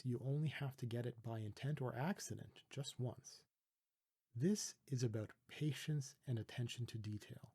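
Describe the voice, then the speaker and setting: A Canadian man from Toronto calmly teaching letter sounds, patiently demonstrating pronunciation with a close mic. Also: medium pitch, husky. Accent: Canadian English. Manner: calm, patient, deliberate demonstrating. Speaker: language teacher. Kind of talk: pronunciation tutorial.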